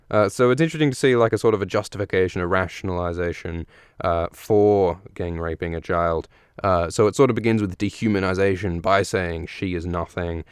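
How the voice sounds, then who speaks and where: A low-voiced man with a smooth, clean tone walks through a book chapter in loose, casual commentary. He thinks out loud, circling back with frequent "uh"s and restarts. The sound is dry and close, with no room echo. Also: fairly quick. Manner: rambling and analytical, with many "uh" fillers and restarts. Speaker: podcast host.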